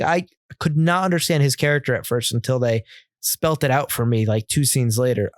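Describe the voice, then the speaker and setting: A man's voice: mid-range voice, no echo. Opinionated man podcasting, dry close sound. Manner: opinionated, critical, halting restarts. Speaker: podcast co-host. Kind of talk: casual film discussion.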